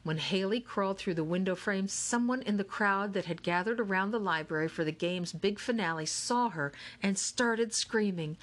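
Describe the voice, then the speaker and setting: A woman narrating a children's novel in a lively, expressive storytelling manner. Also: medium pitch, normal speed, few pauses. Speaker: audiobook narrator. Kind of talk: scripted narration.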